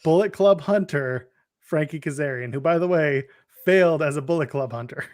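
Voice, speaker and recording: A man's voice: fairly high pitch, normal speed, a little mellow, no room sound, clean studio sound. A man co-hosting a wrestling podcast, recapping matches in a wry, joking, rambling way. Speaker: podcast co-host. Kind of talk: casual wrestling chat.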